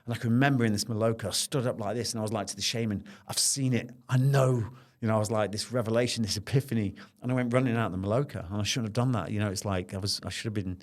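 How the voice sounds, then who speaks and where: Intense low-voiced man. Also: fairly even intonation, rapid-fire, hardly any pauses. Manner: intense, earnest, repeats phrases as he relives events. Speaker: podcast guest. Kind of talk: candid podcast storytelling.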